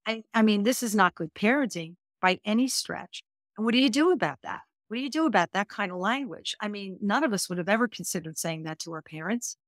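A woman's voice: medium pitch, lively intonation, a little fast, dry recording, studio quality. A woman speaking as a divorce coach guest on a podcast interview, earnest and emphatic, stacking her points in lists.

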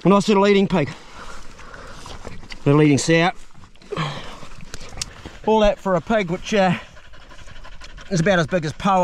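An older man in his late fifties speaks bluntly and profanely from a steep gully outdoors. His voice sits a little high for a man. Faint outdoor noise runs under it. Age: late 50s. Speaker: pig hunter and host. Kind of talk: outdoor hunting vlog.

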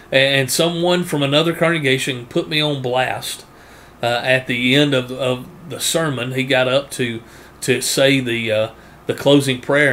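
A man preaching a sermon, earnest, often repeating words and rising in pitch to press a point. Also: fairly bright tone, slight background noise.

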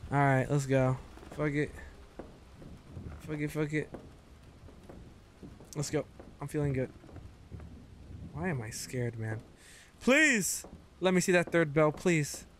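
A man's voice: on the high side, a little hiss or hum. A man streaming a game live, chatting to viewers, swearing freely and yelping when startled. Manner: excitable, swears a lot, yelps when startled. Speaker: gaming streamer. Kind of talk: live gameplay commentary.

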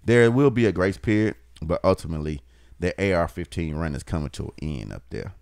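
A man's voice: sits low, animated, fairly quick, vocal fry, darkish tone, clean tone, dry recording, clean studio sound. A man co-hosting a podcast, chatting casually and teasing his co-host with a laid-back manner. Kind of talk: casual chat.

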